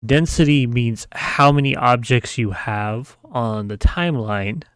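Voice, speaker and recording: A man's voice: mid-range voice, measured pace, fairly bright tone, smooth, no room sound. A man giving a casual screen-share tutorial, explaining step by step, often checking with "right?" and humming the sounds he describes. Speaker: mapping tutor.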